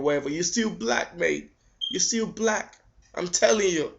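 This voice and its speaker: A man's voice: high voice, normal speed, gravelly. A man giving an indignant video response, firing off rhetorical questions and stumbling over repeated words. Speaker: vlogger. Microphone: webcam. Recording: dull lo-fi webcam audio.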